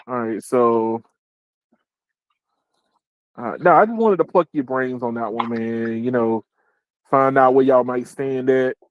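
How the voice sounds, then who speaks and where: A man's voice: mid-range voice, measured pace, pauses often, dry recording, highs cut off. A man hosting a casual tech talk show, jokey and slangy, often repeating words as he gets going. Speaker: host.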